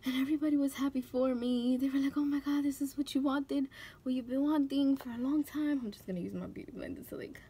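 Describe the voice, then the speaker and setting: A young woman speaks in a slightly high voice, tearful and close to crying, with halting restarts and many fillers. She talks while doing a makeup tutorial. A faint hiss sits under her voice. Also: warm tone. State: close to tears. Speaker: beauty vlogger. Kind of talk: emotional talk during a makeup tutorial.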